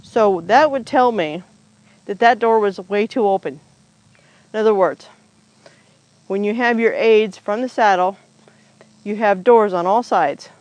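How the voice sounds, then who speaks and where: Speaking to a camera resting on the ground nearby, a horse trainer works a horse outdoors and casually explains every step of the groundwork. The medium-pitched voice is measured, with long pauses; there's no room sound and the highs are cut off.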